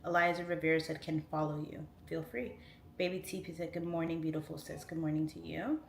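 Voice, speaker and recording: A woman's voice: deep voice, level tone, fairly quick, gravelly. A woman in her late thirties hosting a casual livestream, reading viewer comments aloud and chatting on tangents with laughs. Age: 30s. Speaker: livestream host. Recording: roomy echo, faint room noise.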